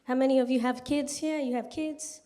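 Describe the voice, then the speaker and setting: A woman's voice: high-pitched, steady tone, normal speed, mellow. Punchy woman comedian on a club stage. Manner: punchy, chatty delivery with frequent asides to the crowd. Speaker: stand-up comedian. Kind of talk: stand-up comedy set.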